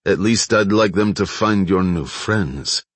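A man's voice: deep voice, measured pace, no room sound. A man voicing a volatile, threatening crime boss in an audiobook, with a blustering, swaggering delivery. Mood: smug.

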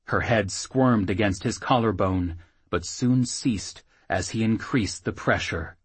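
A man reading an audiobook in an expressive, steady storytelling manner, close on the mic. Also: on the low side, measured pace, slightly rough, no room sound. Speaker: audiobook narrator. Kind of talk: scripted narration.

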